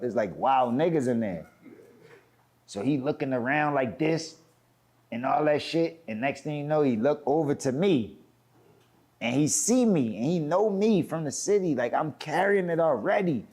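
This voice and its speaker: A man with a Philadelphia accent telling a profane, animated story, acting out quotes with big swings in pitch and filling his talk with "like". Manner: profane slang, frequent "like". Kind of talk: animated anecdote.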